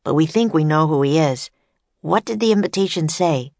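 A woman voicing an earnest young boy in a storybook reading, talking in a hurried way. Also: sits low, lively intonation, darkish tone, dry recording. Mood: puzzled.

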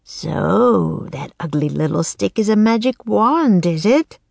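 A woman voicing a cruel male raven king villain in a storybook, with a croaking, gravelly voice and slow, sneering delivery. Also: medium pitch, animated, darkish tone, no room sound, exaggerated voice.

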